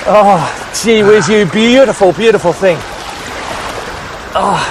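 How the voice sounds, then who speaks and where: A man's voice: sits high, slow, background noise. A man with an Australian accent hosting a fishing show, exclaiming and teasing in playful banter on a boat at sea. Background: music.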